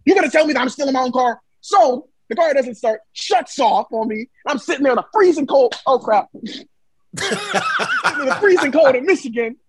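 A man telling a story in casual chat, dramatic and animated, acting out what people said. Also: very high voice, moderate pace, no room sound, low-quality recording. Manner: animated, dramatic retelling with acted-out quotes. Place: Michigan.

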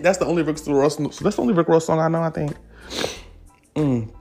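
A man giving casual celebrity gossip commentary, animated and profane, leaping up in pitch for emphasis. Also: fairly quick, long pauses, faint music behind. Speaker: commentary vlogger.

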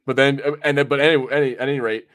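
An American man co-hosting a casual podcast, talking in loose rambling runs that keep doubling back on themselves. His voice sits at an ordinary pitch and sounds dry and close, with no room echo. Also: fairly even intonation, very fast, a bit bright, smooth. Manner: rambling, self-correcting, laughs often. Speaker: podcast co-host. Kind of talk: casual chat.

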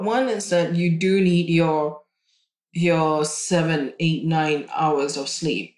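A woman's voice: sits low, slow, darkish tone. A woman, co-hosting a casual podcast as a chiropractor, chatty and often repeating her co-host's words. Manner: chatty, echoes the co-host's words, many restarts. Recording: roomy echo.

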